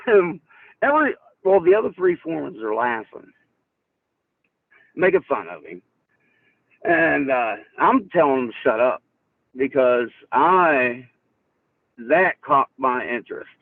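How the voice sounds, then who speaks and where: A man's voice: a little high, very animated, slow pace, creaky, pauses often, dry recording, recorded from a distance. A man calling in to tell a story in casual chat, rambling with restarts and laughing often. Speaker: caller. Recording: tinny phone line.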